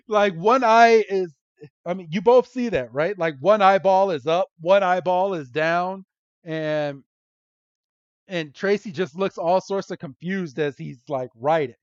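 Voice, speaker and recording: A man with a fairly high voice takes his time as he recaps a cartoon episode, laughing often and telling it with animation. The sound is dry, with no room to it, and the audio is dull and lo-fi. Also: a little slow, smooth, no echo. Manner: giggly, animated storytelling. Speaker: podcast host. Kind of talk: casual episode recap chat.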